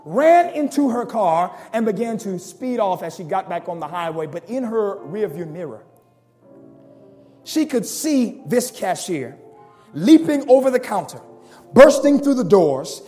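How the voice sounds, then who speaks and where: A male preacher with a very high voice tells a sermon story with dramatic flair, acting out the people in it. His delivery builds to loud, shouted appeals, and soft music plays behind him. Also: very animated, unhurried.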